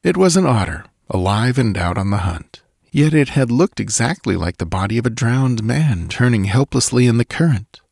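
A man narrating a story in a measured, deliberate reading. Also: mid-range voice, animated, vocal fry, darkish tone, no echo. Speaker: audiobook narrator.

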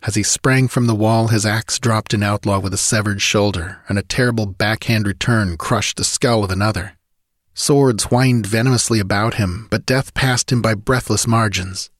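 A man with a fairly low voice reads a dramatic adventure audiobook with vivid, driving storytelling. The sound is dry and close, with no room around it. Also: fairly even intonation, normal speed, dry recording. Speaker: audiobook narrator.

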